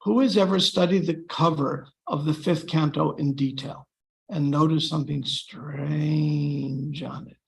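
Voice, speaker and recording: Gravelly man giving a joking class. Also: fairly high pitch, slight background noise, rough recording. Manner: joking, dryly sarcastic; relaxed, chatty with pauses and fillers. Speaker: class speaker. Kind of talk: scripture class talk.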